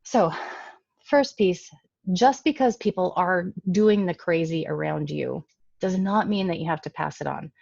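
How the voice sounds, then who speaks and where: A woman's voice: lowish voice, measured pace, vocal fry, darkish tone, no room sound, dull audio. A woman giving a casual, emphatic talk to parents over a computer mic. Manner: conversational, emphatic. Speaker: presenter speaking to parents.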